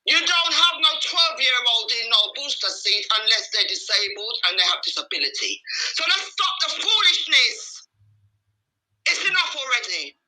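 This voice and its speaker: A woman calling in to a talk show, angry and impassioned, shouting at times and close to tears. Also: high-pitched, poor audio. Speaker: caller. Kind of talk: call-in radio rant.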